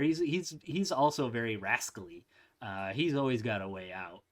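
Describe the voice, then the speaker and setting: Male movie host, mid-pitched, chatty recap style with playful character voices. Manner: animated, laughs, acts out quotes in silly voices. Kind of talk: casual film recap.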